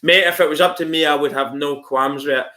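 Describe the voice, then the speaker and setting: A married man chats casually on a live stream, reading out viewer comments and giving blunt opinions. He swears freely and calls his viewers "mate," and his voice comes across bright and forceful. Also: on the high side, steady tone, fairly quick. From outside Australia. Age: adult, married. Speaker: channel host answering viewer comments.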